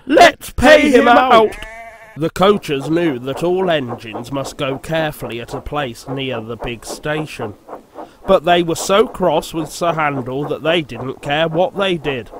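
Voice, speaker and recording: A man narrating a storybook in a slow, measured reading. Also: a little high, crowd noise. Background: background music.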